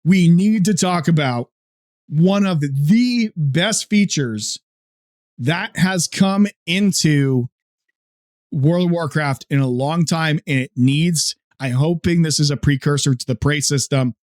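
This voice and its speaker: A man's voice: on the high side, slow pace, darkish tone. A man co-hosting a casual gaming podcast, swearing and laughing as he tells teasing stories. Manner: crude, laughs often, teasing storyteller. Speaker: podcast co-host.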